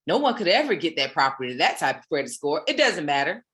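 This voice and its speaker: Lively, bright-voiced motivational woman. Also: low-pitched, fast talker. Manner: preachy, playful, uses Black American slang. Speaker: motivational host. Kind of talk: motivational talk. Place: home, online session.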